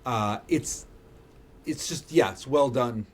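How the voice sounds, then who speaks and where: A man's voice: mid-range voice, slow. A man co-hosting a podcast, chatting loosely about TV shows, swearing freely and trailing off mid-thought. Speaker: podcast co-host. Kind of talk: casual chat.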